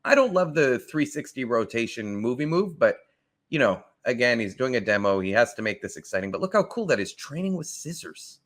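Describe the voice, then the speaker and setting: A man's voice: mid-range voice, very animated, brisk, a bit bright. A man casually commenting on a martial arts demo, enthusiastic and thinking aloud, often restarting his sentences.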